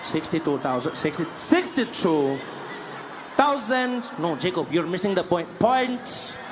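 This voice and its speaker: A man's voice: sits high, noisy background. A man in a comedy sketch, counting and repeating himself in exasperation.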